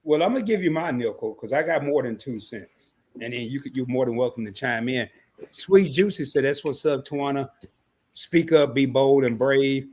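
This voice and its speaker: A man co-hosting a casual podcast, talking in an animated way that jumps up high when he makes a point. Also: normal speed, slightly rough. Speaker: podcast co-host.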